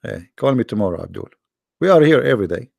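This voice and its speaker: A man mocks his callers sarcastically while hosting a live call-in debate, his voice tired and worn from hours of talk. It is dark, gravelly and lowish, yet very animated and fast, captured dry and close without any room sound.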